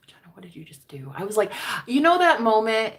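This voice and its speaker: A woman's voice: on the high side, big pitch swings, brisk. A woman casually telling a personal story to her viewers, candid and profane, calling them girl. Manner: candid, profane, chatty, addresses listeners as girl. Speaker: tarot reader.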